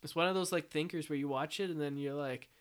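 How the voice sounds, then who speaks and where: A man co-hosting a podcast, joking around in a relaxed, chatty way. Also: on the high side, fast, smooth. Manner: joking, relaxed, lots of fillers like "like" and "uh". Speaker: podcast co-host. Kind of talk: casual chat.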